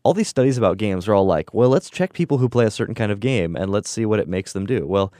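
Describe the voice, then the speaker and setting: A man's voice: fairly low pitch, lively intonation, fast, mellow, dry recording, studio quality. A young man co-hosting a casual discussion, rambling and musing, often laughing. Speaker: podcast co-host.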